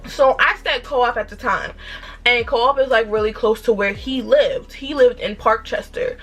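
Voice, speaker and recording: A young woman with a New York accent tells a personal story to her camera. Her voice sits a little high, and her delivery is animated and emphatic, full of rhetorical questions. Soft music plays faintly behind her. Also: moderate pace. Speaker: vlogger. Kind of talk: storytime vlog.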